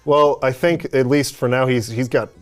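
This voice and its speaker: Guy chatting on a stream, thinking out loud, lots of "like", normal mid voice. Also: mid-range voice, fairly even intonation, normal speed, soft background music. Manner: thoughtful, rambling, many "like" fillers. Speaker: streamer host. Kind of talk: casual chat about a video game.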